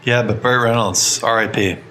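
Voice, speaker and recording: A man's voice: mid-range voice, steady tone, normal speed. A man co-hosting a casual podcast chat, playfully steering the topic along. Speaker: podcast co-host. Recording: echoey room, faint background hum.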